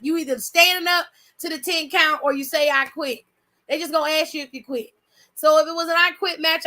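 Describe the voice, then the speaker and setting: A woman hosting her own channel, chatting loudly and bluntly with her chat and swearing freely. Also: high-pitched. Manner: loud, blunt, profane, reads chat aloud. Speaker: channel host. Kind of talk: casual livestream chat.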